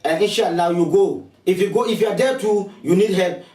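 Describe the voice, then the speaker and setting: A man with a Ghanaian accent makes a preachy, repetitive sales appeal, coaxing and urging his listeners over and over. His voice sits high for a man. He sounds set back from the mic in an echoing room. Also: brisk, a little mellow, distant mic. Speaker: spiritualist advertising his services. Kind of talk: promotional appeal to viewers.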